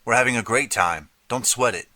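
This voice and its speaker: A man's voice: mid-range voice, brisk, sharp tone, no echo, voice pushed up, close to an everyday voice. A man voicing a drunk, sneering teenage boy bully in an audiobook, sarcastic and menacing.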